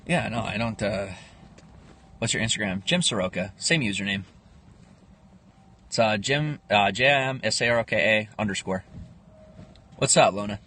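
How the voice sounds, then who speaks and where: A man's voice: on the low side, lively intonation, normal speed, pauses often, sharp tone, a little hiss or hum. A man in his twenties chatting casually on a livestream, rambling as he answers viewer comments. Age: 20s. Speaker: livestream host. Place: home livestream, in Pennsylvania.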